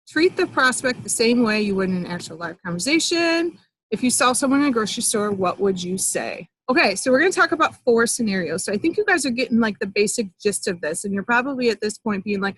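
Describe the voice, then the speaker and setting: A woman's voice: fairly high pitch, fairly bright tone, no room sound, low-quality recording. Chatty upbeat woman coaching on a call. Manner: chatty and upbeat, with fillers and acted-out example dialogue. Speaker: network marketing coach. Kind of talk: live online training call.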